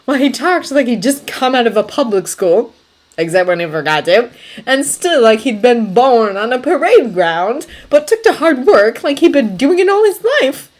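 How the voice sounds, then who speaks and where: A woman reading fanfiction aloud as audiobook narration, even and unhurried. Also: a little high. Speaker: fanfiction reader.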